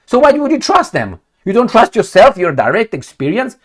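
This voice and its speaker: A man's voice: high voice, huge pitch swings, moderate pace. A man giving a heated, profane, sarcastic political commentary, reading news lines aloud and mocking them. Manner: reads news excerpts aloud, mocks with put-on quotes. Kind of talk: ranting video commentary.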